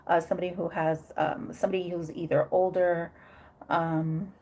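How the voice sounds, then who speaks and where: A woman's voice: on the low side, level tone, normal speed, warm tone. A woman giving a casual tarot reading, thinking aloud with many fillers and frequent "okay?" check-ins. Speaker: tarot reader.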